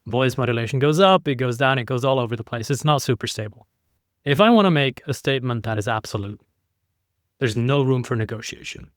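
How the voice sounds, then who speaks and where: A man talking as a podcast guest in a relaxed, conversational way, acting out his points by shifting his voice up and down. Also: mid-range voice, fast talker, no room sound, studio quality. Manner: animated, demonstrates inflection by playing with his voice. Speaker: podcast guest, keynote speaker.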